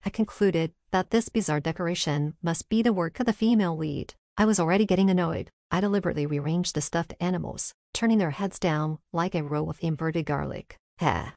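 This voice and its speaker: A woman reading a first-person story aloud as narrator, in an even storytelling manner. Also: fairly low pitch, a little fast, few pauses, dry recording, clean studio sound. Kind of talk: scripted narration.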